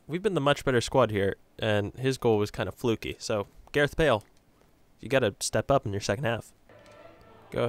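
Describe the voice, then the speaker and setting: A medium-pitched man, hosting his channel, commentates live over his own soccer video game match. He cheers his players on and addresses his viewers as "boys."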